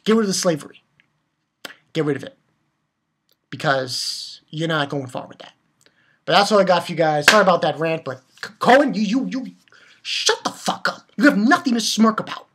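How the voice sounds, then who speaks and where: A woman's voice: fairly low pitch, expressive, a little fast, long pauses, fairly bright tone, breathy edge. A woman giving a heated, profane rant while reviewing a manga chapter, blunt and repeating her points for emphasis. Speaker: anime reviewer.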